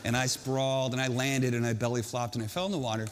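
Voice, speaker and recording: A man telling a self-mocking personal story to an audience, animated and conversational. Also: mid-range voice, fast. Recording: long hall reverb.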